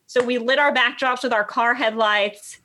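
Woman, high voice, bright tone, animated storytelling, podcast guest. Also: normal speed. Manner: animated storyteller, acts out quotes. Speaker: guest, dog trainer. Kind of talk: casual podcast chat.

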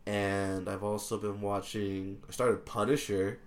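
Lower-voiced man, crude and chatty. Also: measured pace. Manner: crude joking, relaxed and chatty. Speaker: podcast co-host. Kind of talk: casual chat.

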